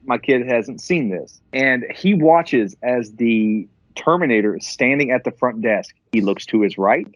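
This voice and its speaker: A man co-hosting a podcast, retelling a movie scene with profanity and lively storytelling. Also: mid-range voice, measured pace, dry recording, low-quality recording. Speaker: podcast co-host. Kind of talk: casual chat about a movie.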